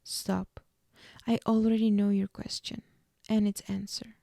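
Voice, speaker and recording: A scheming, seductive female vampire, her lines read in a plain, unhurried way by a woman. The voice is mellow and gravelly. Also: medium pitch, little pitch movement, dry recording, clean studio sound.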